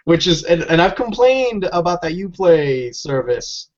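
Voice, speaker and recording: A man's voice: a little high, sing-song, measured pace. A man co-hosting a casual gaming podcast, ranting and swearing freely. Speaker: podcast co-host. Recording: dull lo-fi audio.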